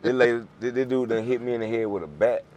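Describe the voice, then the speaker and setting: A man telling animated stories on a podcast as a guest. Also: medium pitch, quick pace, a little hiss or hum. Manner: animated, acts out voices in his stories. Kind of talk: casual storytelling.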